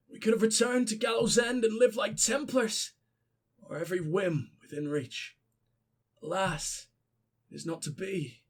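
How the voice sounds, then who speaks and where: A mournful, ghostly old gnome in a video game , as a stuffy-nosed man puts him on, speaking slow and hushed in a mock-Irish lilt, much lower and softer than the performer's own voice. Each line sounds drained of life, like a last farewell. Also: heavily acted. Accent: attempted Irish. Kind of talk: reading a game letter aloud in a voice.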